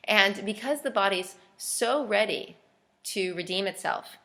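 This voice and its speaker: Gravelly, bright-toned woman teaching earnestly. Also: medium pitch, unhurried. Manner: earnest, thinks aloud with many restarts; acts out imagined voices with sudden lifts. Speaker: health and cleansing author. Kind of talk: casual instructional monologue.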